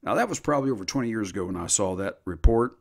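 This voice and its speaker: Older male preacher, folksy sermon delivery, lively up-and-down pitch, slowed and stressed scripture quotes. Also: creaky. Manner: folksy, drawls scripture slowly with emphatic rises. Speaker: preacher and Bible teacher.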